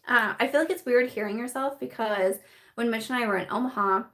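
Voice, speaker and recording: Young woman, live-stream host, chatty, giggly, slightly high voice, lots of fillers. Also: brisk, fairly bright tone. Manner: bubbly, giggly, lots of "like" and laughter. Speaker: beauty vlogger hosting a live chat. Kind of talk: casual live-stream chat reading comments.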